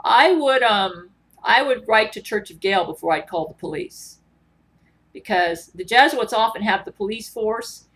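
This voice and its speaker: A woman's voice: medium pitch, expressive, moderate pace, a bit bright. A woman vlogger in a rambling, earnest monologue, full of ums and restarts. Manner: rambling, filler-heavy, earnest.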